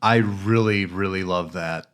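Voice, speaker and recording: A man co-hosting a podcast in casual banter, animated and swearing freely, sometimes reading aloud from a book. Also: sits low, measured pace, clean tone. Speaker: podcast co-host.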